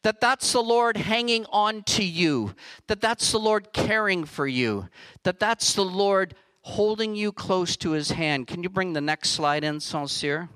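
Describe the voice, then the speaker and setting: A man delivering a sermon with an earnest, emphatic preaching manner. His voice sits high and rings bright and crisp. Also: a little slow, poor audio. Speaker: pastor.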